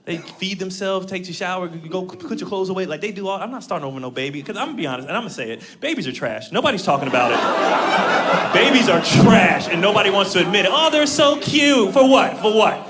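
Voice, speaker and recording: A man in his thirties doing an animated stand-up comedy set, laughing through his punchlines. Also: high-pitched, fast. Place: comedy club stage with audience. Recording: loud crowd laughter and room noise.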